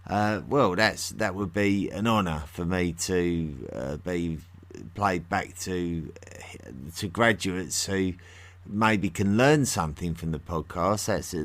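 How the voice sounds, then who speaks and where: Low-pitched yet fairly bright, this podcast host comes from near London and speaks with a London accent. He works through listener mail in a casual chat, full of fillers and restarts.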